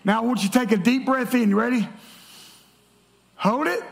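A man preaching a sermon as pastor, lively and joking, calling out to his congregation in church. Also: extremely high pitch, rapid-fire, creaky. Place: church sanctuary.

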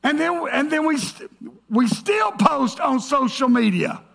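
A male pastor preaching a sermon to his congregation. He is emphatic, rises to shouts, then drops to a hush. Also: very high voice, very animated, measured pace, gravelly. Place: church stage before a congregation.

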